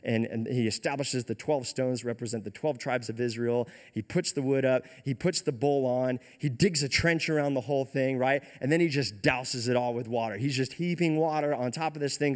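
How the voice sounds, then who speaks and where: Male pastor, animated slangy storyteller, mid pitch, long hall reverb. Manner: animated, slangy, enthusiastic, repeats words. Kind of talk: lively storytelling sermon.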